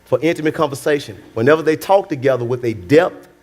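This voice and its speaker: A male pastor preaches in a loose, conversational way, circling back over his words. His voice sits a little high for a man, and he calls out to the people listening. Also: fast talker, darkish tone. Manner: conversational, repetitive, calls out to the congregation. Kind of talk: sermon.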